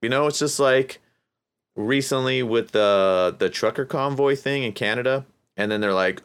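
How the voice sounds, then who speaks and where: A man hosting a casual solo podcast, rambling and profane, breaking into high mocking voices. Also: normal speed, fairly bright tone, clear, resonant tone. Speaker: podcast host.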